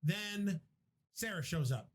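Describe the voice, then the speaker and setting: A man whose voice sits high speaks at a slow pace with lively intonation while hosting a podcast. He casually recaps a film in a rambling, profane manner, often restarting.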